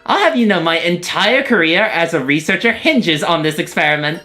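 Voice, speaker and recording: A streamer voicing an eccentric, excitable female scientist horse girl, lecturing in a theatrical way while reading a game story. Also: medium pitch, normal speed. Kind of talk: game story read-along.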